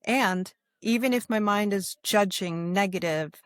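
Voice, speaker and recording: A woman yoga instructor talking in a calm interview, with a soothing, guiding manner and a habit of asking "right?". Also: mid-range voice, unhurried, no room sound, studio quality. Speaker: yoga instructor and sobriety guest. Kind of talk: calm conversational interview talk.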